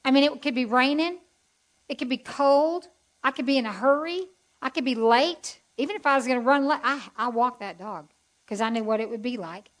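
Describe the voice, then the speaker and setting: A woman's voice: high voice, brisk, low-quality recording. A woman giving a chatty, heartfelt testimony as a Bible teacher to a group. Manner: folksy, chatty and heartfelt, with asides to the audience.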